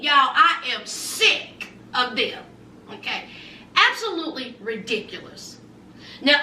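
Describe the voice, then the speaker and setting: A woman in her forties with a very high, bright voice swings animatedly through a sassy reality-TV recap, hammering her points by repeating them. She sits a little back from the mic in an echoey room. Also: distant mic, a little hiss or hum. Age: 40s. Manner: sassy, emphatic, repeats lines for effect. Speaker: TV show reviewer.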